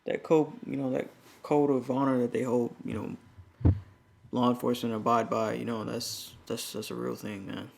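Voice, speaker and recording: An American man with a gravelly, fry-edged voice co-hosts a relaxed podcast. His talk is loose and full of slang, easygoing and unforced. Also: medium pitch, normal speed. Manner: slangy, laid-back talk. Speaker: podcast co-host. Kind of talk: casual podcast chat.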